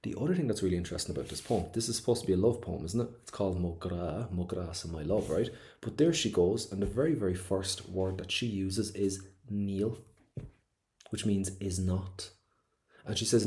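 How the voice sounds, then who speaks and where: A man's voice: low voice, moderate pace, darkish tone. A man with an Irish accent teaching an online exam-prep class, chatty and enthusiastic, acting out quoted lines as he goes.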